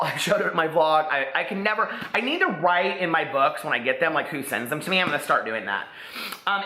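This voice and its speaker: A man talking about books to the camera in a chatty, rambling way, speaking straight to his viewers. His voice has a bright, forceful edge. The room around him rings with echo. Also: a little high. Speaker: book vlogger. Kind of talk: chatty book talk to camera. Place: room at home among stacked books. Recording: roomy echo.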